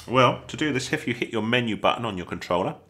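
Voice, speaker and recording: A man with an English accent, talking through a casual gameplay tutorial in a chatty, excitable way with jokey asides. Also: medium pitch, quick pace. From England. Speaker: gaming YouTuber.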